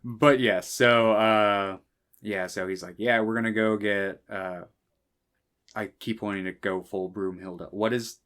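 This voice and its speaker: Male podcast co-host, low-pitched, meandering and loose, swears casually. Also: steady tone, a little slow, fairly bright tone, clean tone. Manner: rambling, many fillers, casual swearing. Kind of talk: casual film discussion chat.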